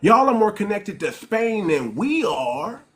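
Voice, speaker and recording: High-pitched guy w/ new york accent, hosting a heated live debate, hammering his points over and over. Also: big pitch swings, unhurried. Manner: emphatic, repetitive, lecturing, keeps saying ma'am. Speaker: live-stream host.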